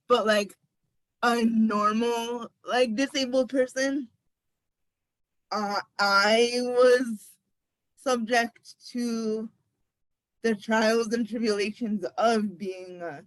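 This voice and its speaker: Slow, hesitant young woman on a call. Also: mid-range voice, dry recording, low-quality recording. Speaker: panelist. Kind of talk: personal account on a panel. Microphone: video call.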